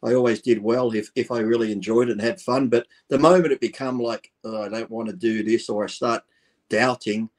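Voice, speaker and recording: A man's voice: medium pitch, steady tone, a little fast. A male interview guest in casual conversation, telling blunt anecdotes full of quoted dialogue and the odd swear word.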